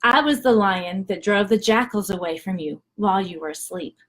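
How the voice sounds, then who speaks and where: A woman quoting a wise, gentle male lion in a calm, reassuring way while retelling a story. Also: sits high, moderate pace.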